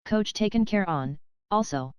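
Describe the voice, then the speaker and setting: A woman's voice: mid-range voice, lively intonation, a little slow, clear, resonant tone, no room sound, natural voice. Female reader playing a grave elderly coachman with old dialect speech; dry, clean sound. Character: grave elderly male coachman, plain-spoken.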